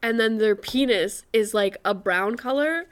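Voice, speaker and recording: A woman's voice: on the high side, measured pace, clear, resonant tone. A young woman co-hosting a podcast, telling candid stories in casual chat and laughing often. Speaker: podcast co-host.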